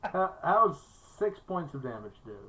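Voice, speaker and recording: A woman's voice: lowish voice, very animated, a little slow, a bit bright, low-quality recording. A woman narrating as game master of a tabletop game, laughing often and talking loosely with fillers.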